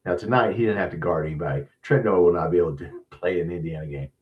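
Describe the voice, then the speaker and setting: Blunt low-voiced man ranting, distant lo-fi mic. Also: quick pace. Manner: blunt, profane ranting with frequent restarts. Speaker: sports show host. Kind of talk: casual live-stream commentary.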